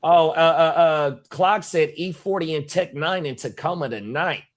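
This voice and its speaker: A man co-hosting, giving hype shout-outs full of profane slang in casual chat. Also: a little high, normal speed, a little hiss or hum. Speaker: co-host.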